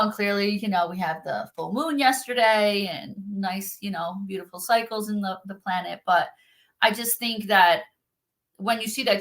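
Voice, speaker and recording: A woman speaks in a relaxed, conversational way about spiritual gifts, earnest and openly emotional. She leans on fillers and restarts as she thinks aloud, her pitch sitting in an ordinary middle range. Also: rough recording. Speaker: spiritual activation practitioner. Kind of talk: casual conversational talk.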